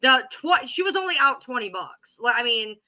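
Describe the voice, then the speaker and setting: A woman's voice: high voice, very animated, normal speed, bright, forceful tone, poor audio. A woman hosting a livestream, reading out an account in a blunt, matter-of-fact way. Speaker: livestream host.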